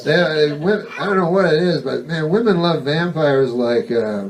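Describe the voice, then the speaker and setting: A man doing a stand-up comedy monologue on a club stage, delivered in a deadpan, rambling and profane style with halting asides. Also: fairly high pitch, a loud crowd. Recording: distant mic, noisy live recording.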